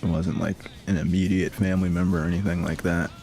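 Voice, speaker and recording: A man's voice: sits low, level tone, quick pace, a little mellow. A man streaming a game and telling stories in a loose, rambling way, full of filler words and laughs. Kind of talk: casual storytelling chat.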